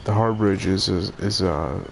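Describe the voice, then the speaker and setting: A man's voice: deep voice, normal speed, gravelly, a loud crowd. A man streaming a game, chatting casually with friends, often stumbling and repeating words as he thinks. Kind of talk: casual gaming chat.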